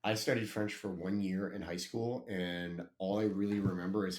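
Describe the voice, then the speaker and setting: A man's voice: low voice, fairly even intonation, moderate pace, darkish tone. A man co-hosting a business podcast in casual chat, laid-back and self-deprecating. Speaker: podcast co-host.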